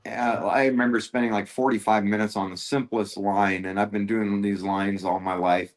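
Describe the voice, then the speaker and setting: A man with a fairly low voice speaks on a podcast as a guest. He tells a story casually and haltingly, breaking off and restarting. His words come through a close podcast mic. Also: level tone. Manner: halting, full of fillers and restarts. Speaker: guest, airbrush artist.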